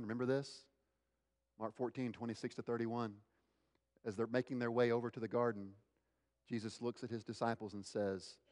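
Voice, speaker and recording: A man preaching a sermon, acting out the quoted lines with big swings in pitch and loudness. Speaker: pastor. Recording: hall with long reverb.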